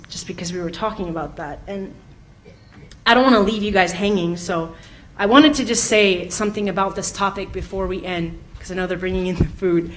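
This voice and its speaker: Speaking fairly quickly in a mid-range voice, a woman in her twenties addresses a youth gathering in an indoor community event room, with slight background noise. She shares humorous stories from her own life that lead into a message about faith, laughing frequently, using "like" often, and imitating the characters.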